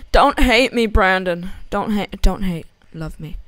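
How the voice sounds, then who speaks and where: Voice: medium pitch, takes it slowly, a bit bright, dry recording. A young gamer rambling and giggling through casual gameplay commentary and a joke story, on a headset or desk mic.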